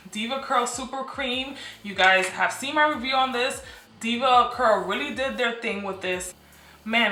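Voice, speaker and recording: Filming a casual vlog in her apartment room, a young woman in her twenties who does beauty and lifestyle content talks to camera with chatty enthusiasm, saying phrases twice for emphasis. Her mid-range voice is bright and forceful, with a reverberant sound.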